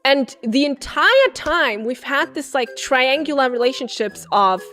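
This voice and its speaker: A woman streamer rambling through a comedic plot recap, excitable and bursting into shouts. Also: high voice, measured pace.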